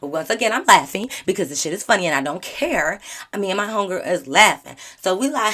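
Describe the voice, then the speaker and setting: A woman YouTuber telling a storytime vlog in a sassy, slangy, animated way. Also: mid-range voice, quick pace.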